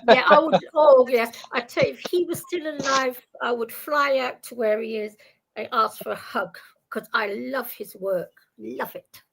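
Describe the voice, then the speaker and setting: A high-pitched older woman, Dutch by birth, with a London accent. She is a guest in a heated live-stream debate and talks haltingly and defensively, restarting her sentences often. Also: gravelly, fairly bright tone, rough recording. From Netherlands. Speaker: panel guest.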